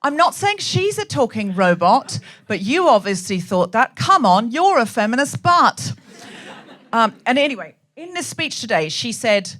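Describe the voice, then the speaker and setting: A woman's voice: on the high side, sing-song, measured pace, fairly bright tone. A woman hosting a comedy podcast on stage, delivering a chatty stand-up monologue with laughing asides to a live audience.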